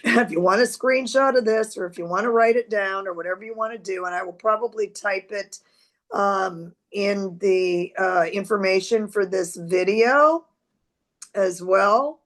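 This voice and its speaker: An older woman giving a casual astrology talk to camera, reassuring and deliberate, sometimes dropping to a whisper. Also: mid-range voice, a bit bright. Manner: reassuring, slow and deliberate, drops to a whisper at times. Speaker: astrology teacher.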